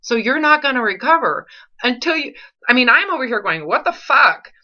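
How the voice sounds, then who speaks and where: Woman, recovery coach: bright voice, blunt and confrontational, swears, keeps pressing questions; dull lo-fi audio. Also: high voice, animated, brisk. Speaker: eating disorder recovery coach.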